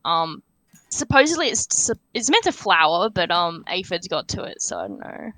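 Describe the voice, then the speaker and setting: A woman's voice: lowish voice, big pitch swings, normal speed, sharp tone, poor audio. A young woman guesting on a casual podcast chat, chatty and matter-of-fact with lots of fillers.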